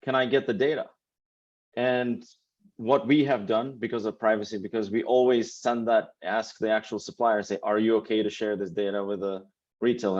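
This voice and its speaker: Male founder on a panel, lowish voice, casual and halting, muffled call audio. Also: a little mellow. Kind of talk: panel discussion. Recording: dull lo-fi audio.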